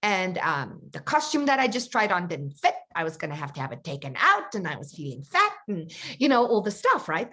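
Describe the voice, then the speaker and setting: Woman coach chatting a story to her class, super animated, lots of ups and downs. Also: lowish voice. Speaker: confidence coach. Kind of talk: storytelling in an online coaching session.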